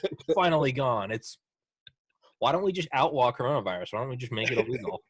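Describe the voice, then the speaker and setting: Podcast host, man, middle pitch, dry close sound, loose sarcastic delivery that swears freely. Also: fast talker, husky, no room sound. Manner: animated, swearing, sarcastic riffs. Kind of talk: casual chat.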